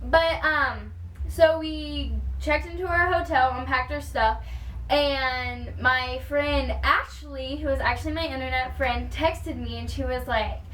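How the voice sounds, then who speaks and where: Female vlogger from Texas, high and gushy, filler-heavy storytelling, recorded at a distance in an echoey room. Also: a little slow, slight background noise. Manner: gushing, excited fan storytelling with many "like" and "um" fillers. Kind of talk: casual storytime vlog. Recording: roomy sound with the mic at a distance.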